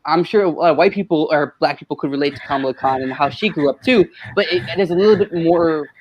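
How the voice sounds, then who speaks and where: A man's voice: a little high, quick pace, highs cut off. A man on a live-stream panel speaking earnestly, often checking in with "right?" and "you know". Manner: earnest, keeps asking "right?". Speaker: panel guest. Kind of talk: casual live-stream debate.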